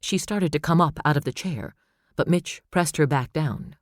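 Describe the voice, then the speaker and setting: A man's voice: on the high side, no room sound, clean studio sound. Man narrating an audiobook thriller. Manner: steady, measured storytelling. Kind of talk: scripted narration.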